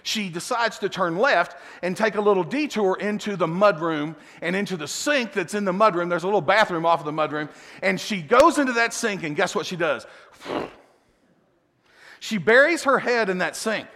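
Chuckling middle-aged pastor in a reverberant hall. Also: male voice, high-pitched. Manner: animated, chuckling storyteller with quick asides. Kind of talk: sermon storytelling.

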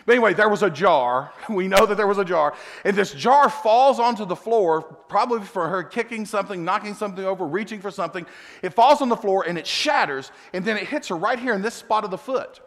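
Chuckling middle-aged pastor in a reverberant hall. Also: male voice, high voice. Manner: animated, chuckling storyteller with quick asides. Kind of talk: sermon storytelling.

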